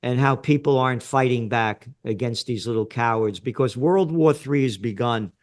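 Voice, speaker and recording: A man's voice: medium pitch, moderate pace. A man in his seventies with a New York accent, a guest in an interview who talks bluntly and emphatically and swears freely. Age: 70s. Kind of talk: conversational interview.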